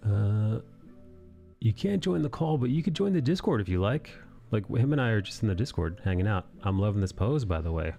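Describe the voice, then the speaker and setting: A man's voice: lowish voice, animated, a little fast, gravelly, dark tone, soft background music. A man hosting a live drawing stream, chatting casually and rambling with many fillers. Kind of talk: casual chat while drawing.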